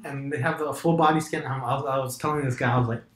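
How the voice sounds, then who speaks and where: A man's voice: mid-range voice, fairly even intonation, fast talker, fairly bright tone, a little hiss or hum. A man chatting casually and animatedly, telling stories and slipping into mock voices. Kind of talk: casual chat. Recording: echoey room.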